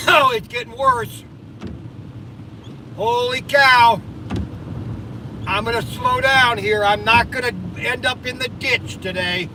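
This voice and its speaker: A man hosting a live stream from his car, exclaiming and muttering sarcastically to himself as he drives on the highway. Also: expressive, slow, pauses often. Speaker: livestream host. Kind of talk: rambling live-stream chat while driving. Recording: distant mic with loud road and wind noise.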